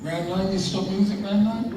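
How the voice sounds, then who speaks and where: A man's voice: high voice, a little fast. Echoey, laughing man telling stories. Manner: laughing, animated storyteller. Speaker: retired boxer. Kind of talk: casual storytelling conversation. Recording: echoey room, distant mic, background noise.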